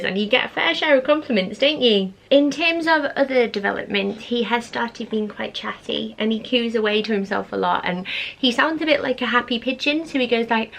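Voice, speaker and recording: A woman's voice: mid-range voice, gravelly, fairly bright tone. A young woman, a mum of three, chatting casually to camera in a gushing, chatty way, sometimes slipping into sing-song baby talk. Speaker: parenting vlogger, mum of three.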